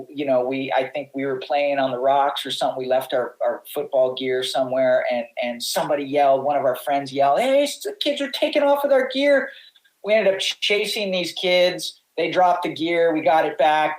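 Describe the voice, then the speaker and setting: A man's voice: a little high, poor audio. A middle-aged man, a guest on a podcast, telling long casual stories with many restarts and acted-out quotes. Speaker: podcast guest, pro surfer. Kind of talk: casual storytelling.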